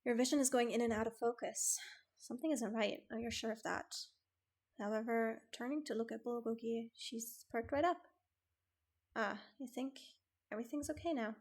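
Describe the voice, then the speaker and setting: A woman streamer reading a dating game aloud and reacting with animated, sweary frustration. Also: a little high, normal speed, slightly rough.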